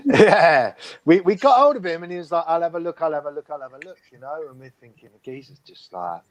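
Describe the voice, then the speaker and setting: Lively man chiming in. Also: a little high, brisk. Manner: chatty, chimes in with agreement and laughter. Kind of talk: casual chat.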